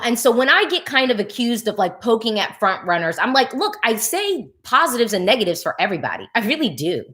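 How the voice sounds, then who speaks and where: A woman vlogger giving casual, chatty reaction commentary full of fillers, who gets emotional while talking. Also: mid-range voice. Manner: chatty, animated, lots of fillers, nitpicking notes; gets emotional and laughs mid-thought.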